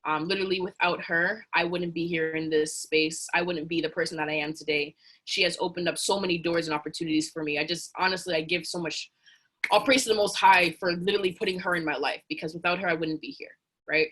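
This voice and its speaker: A woman telling an earnest motivational story in a casual, animated way. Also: on the low side, fast.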